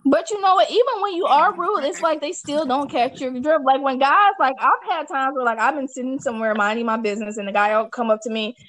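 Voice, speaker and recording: A woman's voice: high voice, fairly quick, few pauses, dry recording, poor audio. A woman hosting a casual chat, telling stories bluntly and with lots of energy. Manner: blunt, animated storytelling with profanity. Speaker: podcast host.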